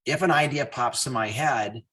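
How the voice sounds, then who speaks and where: Animated man hosting a casual business call. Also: medium pitch, normal speed. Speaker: host.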